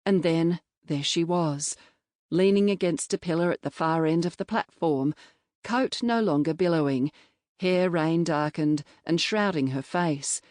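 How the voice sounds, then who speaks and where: Low-voiced woman narrating a novel. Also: a little mellow, dry recording, studio quality. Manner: measured, reflective storytelling. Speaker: audiobook narrator. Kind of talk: scripted first-person novel narration. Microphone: close studio mic.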